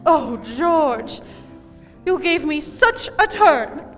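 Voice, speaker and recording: A woman's voice: sits high, very animated, very slow, a bit bright, faint music behind, heavily acted. A woman playing the groom's flustered mother in a stage play, scolding and fretful. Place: stage in a large hall. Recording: distant reverberant hall.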